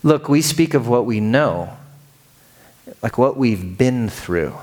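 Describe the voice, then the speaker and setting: Lively, casual man preaching a sermon. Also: mid-range voice. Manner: energetic, casual and playful, urging the congregation to join in. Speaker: pastor. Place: church.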